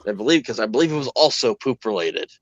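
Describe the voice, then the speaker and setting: A man's voice: mid-range voice, lively intonation, quick pace, dry recording. A man running a tabletop role-playing game, rambling and laughing often, on a dull lo-fi recording. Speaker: game master. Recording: dull lo-fi dry sound.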